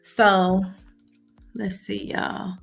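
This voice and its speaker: A woman's voice: medium pitch, level tone, drawn-out words, gravelly, faint music behind. A woman hosting a casual livestream, chatty and calling her viewers y'all. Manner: chatty, addresses audience as y'all. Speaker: livestream host.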